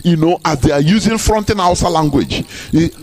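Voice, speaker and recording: A man with a Nigerian Igbo accent addresses listeners in a live broadcast speech. His voice sits somewhat high, and he drives his points home with repetition and rhetorical questions. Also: fairly quick. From southeastern Nigeria. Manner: emphatic, repeats words and rhetorical questions. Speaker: activist broadcaster.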